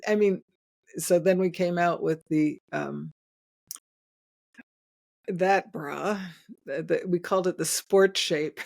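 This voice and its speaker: Older woman guest, chatty storyteller, lowish voice, laughs a lot. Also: fairly even intonation, slow pace, vocal fry, pauses often, a little mellow. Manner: chatty, laughs often, many restarts. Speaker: guest, inventor. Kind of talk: storytelling in casual interview.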